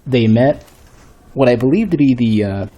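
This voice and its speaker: A man's voice: medium pitch, animated, normal speed, mellow. A man streaming a game, thinking aloud and rambling in a casual, self-mocking way. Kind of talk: casual gameplay commentary.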